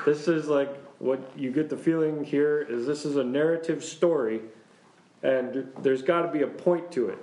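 A pastor leading a Bible class in a relaxed, chatty way, joking and chuckling as he talks straight to his listeners. His voice sits in a middling register. The room around him is roomy and echoey. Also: medium pitch. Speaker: pastor teaching a church class. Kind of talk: casual Bible class teaching. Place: church classroom.

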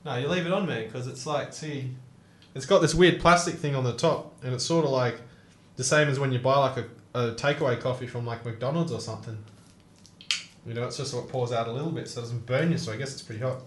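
Excitable swearing young man in an echoey room. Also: mid-range voice, fast talker. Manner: excitable, swears a lot, laughs often. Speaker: podcast host. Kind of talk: casual podcast chat. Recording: roomy echo.

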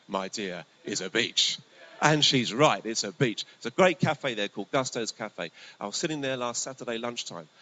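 A male pastor preaching a sermon in a conversational, storytelling way, his voice swinging between lively bursts and hushed asides. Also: mid-range voice, poor audio. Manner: conversational, animated, often drops to a hushed voice. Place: church hall. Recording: faint hiss.

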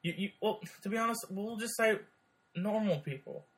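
A man co-hosting a podcast in casual chat, talking quickly and stammering over repeated words. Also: high voice, slight background noise. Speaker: podcast co-host.

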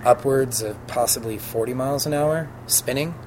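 Animated man telling a story, noisy background. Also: medium pitch, moderate pace. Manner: animated, acts out quoted voices, laughs while telling. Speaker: sign spinner guest. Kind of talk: casual storytelling interview.

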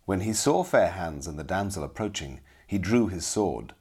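A man narrating a storybook with expressive, dramatic storytelling. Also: sits low, normal speed, husky.

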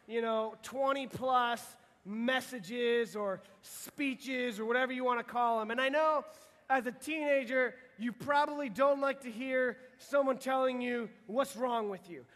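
A man's voice: extremely high pitch, fairly bright tone. A young man from the United States preaching casually and earnestly to teenagers as a youth pastor, often restarting his sentences. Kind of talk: sermon to teenagers. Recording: long hall reverb.

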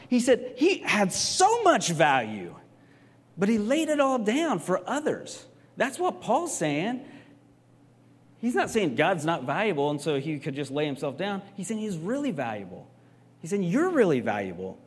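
A man teaching a sermon in a casual, conversational way, often checking in with the listeners with quick tag questions. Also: sits high, wildly swooping pitch, breathy edge, big-room sound. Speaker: pastor teaching a Bible class. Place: stage in a large hall.

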